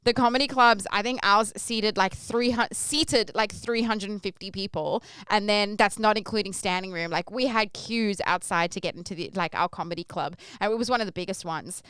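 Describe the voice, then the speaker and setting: A young woman telling a story casually as a podcast host, animated and acting out the quoted voices. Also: medium pitch, normal speed, few pauses, clear, resonant tone, no echo, studio quality.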